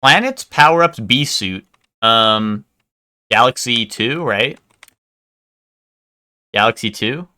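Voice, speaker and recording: A man's voice: medium pitch, animated, slow, pauses often, pushed and bright. A man live-streaming, chatting casually with his viewers in a rambling way, full of "like" and "um" and casual swearing.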